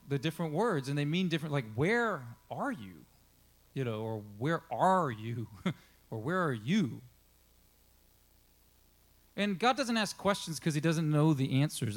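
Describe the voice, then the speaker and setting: A man preaching a sermon in a loose, conversational way, with frequent casual asides to the congregation. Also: medium pitch. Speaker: pastor.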